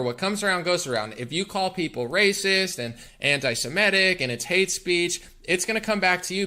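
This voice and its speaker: A man's voice: on the high side, pushed and bright. A man hosting a political commentary podcast, talking in a combative, emphatic rant. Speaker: podcast host.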